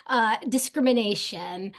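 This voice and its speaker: A woman speaking as a guest on a webinar panel, animated and emphatic, with many fillers. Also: a little high, a little slow.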